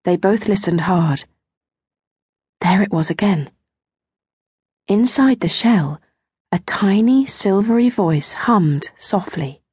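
A woman narrating a children's storybook in a gentle, expressive way, slowing down on small details. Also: medium pitch, breathy edge. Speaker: audiobook narrator.

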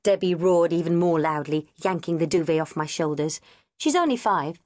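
A woman narrating a children's audiobook in the first person, with lively, expressive storytelling. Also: sits low, moderate pace, no echo, studio quality.

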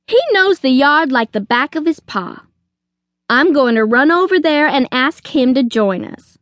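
A woman's voice: high voice, lively intonation, a little slow, a bit bright, no echo, pitched above the performer's own voice. A tough little chick detective, voiced by a woman reader talks in a blunt, no-nonsense way. Her voice is raised and bouncy, and she takes her time. The recording is dry and close. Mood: brusque. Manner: brusque, no-nonsense.

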